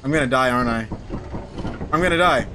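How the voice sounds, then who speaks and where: A man gaming casually with friends, excitable and yelling for help when panicked. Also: mid-range voice, brisk, noisy background. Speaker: gaming channel host.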